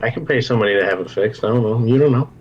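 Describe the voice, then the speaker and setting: A man playing a tabletop game from home, rambling and scattered in quick bursts. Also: medium pitch. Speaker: player. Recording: slightly muffled lo-fi mic.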